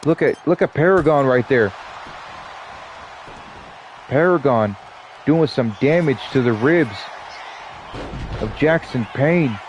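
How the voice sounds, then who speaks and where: A man's voice: medium pitch, lively intonation, slow pace, long pauses, dull audio, slight background noise. A man with a stuffy nose doing casual wrestling play-by-play commentary, dropping joking asides between his calls.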